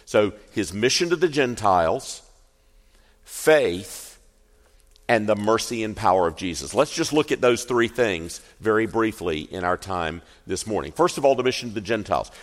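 A male pastor preaching a sermon, telling the story expressively and slowing down for emphasis. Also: fairly low pitch, expressive. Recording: echoey hall reverb.

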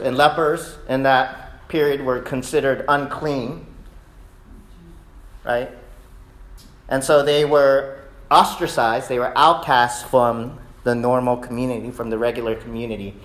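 A man preaching a sermon in a conversational way, often asking "right?" and rising loud and high when acting out cries of prayer. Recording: echoey room.

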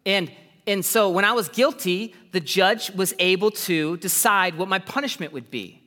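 A man preaching a sermon as pastor, animated, with sudden jumps in pitch and voiced asides, in a church. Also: moderate pace. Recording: long reverb of a large hall.

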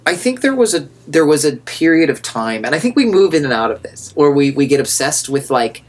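A man's voice: a little high, very animated, brisk. A man co-hosting a podcast in casual chat, rambling and repeating words as he thinks aloud. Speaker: podcast co-host.

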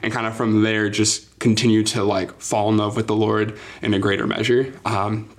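A young man with a low voice that stays fairly flat speaks as a guest on a church podcast. He tells his story earnestly, filling pauses with um and like. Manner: earnest, filler-heavy, says like and um often. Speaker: youth pastor, interview guest. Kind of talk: casual interview storytelling.

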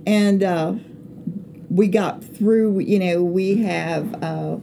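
A middle-aged woman tells a long, rambling story, stopping often on fillers to find her words. Her voice is low and warm. Faint room noise is heard behind her. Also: drawn-out words, vocal fry. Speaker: pastor's wife. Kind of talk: casual storytelling chat.

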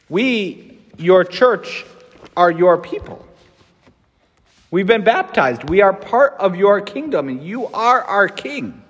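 An American man, a Catholic priest, giving a conversational homily with fillers and restarts. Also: high-pitched. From United States. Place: church. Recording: long reverb from a church.

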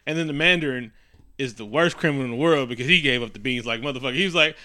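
A man casually recapping a superhero movie on a podcast, swearing freely and acting out scenes with quick quoted lines. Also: medium pitch. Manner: profane, animated, acts out scenes with quotes. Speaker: podcast co-host.

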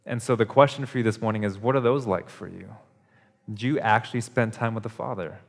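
A man's voice: on the low side, brisk, vocal fry. A male pastor preaching a sermon at a church service, in an earnest, conversational way that repeats its phrases for emphasis. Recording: long hall reverb.

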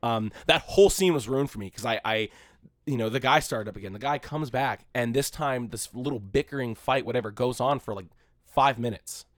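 Casual podcast co-host, male, rapid delivery, dry close sound, loose and profane. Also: mid-range voice, no room sound. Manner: rambling, swears freely, acts out shouting crowds. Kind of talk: casual chat.

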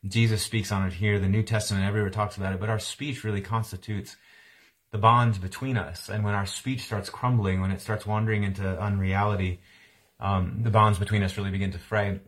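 A man's voice: on the low side, flat delivery, a little fast. A man around forty preaching a sermon, telling a childhood story in a conversational way and acting out the voices of his parents. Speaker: pastor.

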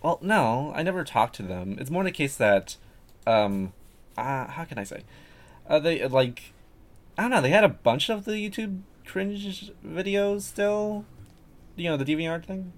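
A man's voice: a little high, lively intonation, measured pace. A man talking casually as a podcast guest, rambling and hesitant with many fillers and restarts. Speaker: guest artist.

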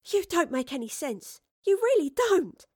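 A woman's voice: sits high, big pitch swings, fairly quick, no room sound, clean studio sound, pitched above the performer's own voice. A woman voicing a feisty, streetwise young girl with a blunt, defiant way of talking. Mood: challenging.

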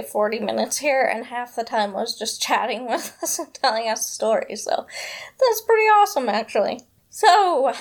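Brief: woman host, casual chat, rambling with lots of fillers, somewhat high pitch. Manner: rambling, chatty, many fillers. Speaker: podcast host.

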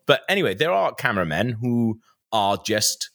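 A man's voice: mid-range voice, moderate pace, creaky. A man, a podcast host, telling a story casually and animatedly, laughing often. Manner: animated, lots of fillers and restarts, laughs often.

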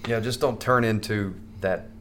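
A man's voice: fairly low pitch, steady tone, normal speed, a bit bright, a little hiss or hum. A man who does stand-up comedy, chatting as a podcast guest in a comedy club, joking and rambling with plenty of profanity. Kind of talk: casual joking chat.

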